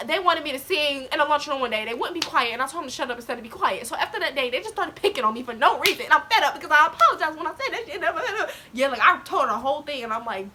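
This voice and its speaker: A woman's voice: a little high, expressive, quick pace, hardly any pauses, sharp tone, slight background noise. A teenage girl talking candidly to the camera, telling a personal story in casual slang and laughing as she goes. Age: teens. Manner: candid, laughs to cope, quotes others, African American slang. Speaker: vlogger.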